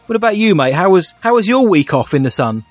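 A man's voice: sits high, sing-song, quick pace, no echo, faint music behind. A young man co-hosting a podcast, chatting casually with jokey, upbeat banter. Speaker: podcast co-host. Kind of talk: casual chat.

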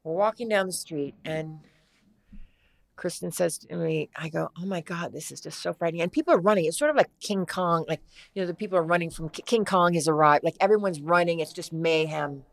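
Her voice is female, on the low side and creaky. She's a middle-aged actress guesting on a casual interview, working through a long, rambling story full of halts and restarts.

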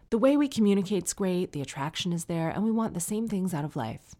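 A woman's voice: fairly low pitch, expressive, brisk, few pauses, mellow. A woman in her forties hosting a podcast, chatting casually and wryly as she reads out listener emails. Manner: chatty, wry, teasing. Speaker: podcast host and comedian.

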